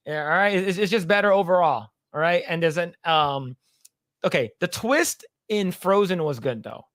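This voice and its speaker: Rambling, laughing podcast co-host. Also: male voice, sits high, expressive, normal speed, a bit bright, no echo, clean studio sound. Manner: rambling, laughs a lot while retelling jokes. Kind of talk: casual chat.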